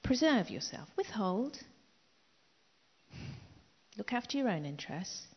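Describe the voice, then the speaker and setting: A middle-aged woman preaching a sermon in an emphatic way, repeating key phrases and dropping into soft asides. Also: medium pitch, sing-song, measured pace, slightly rough. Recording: dull echoey hall recording.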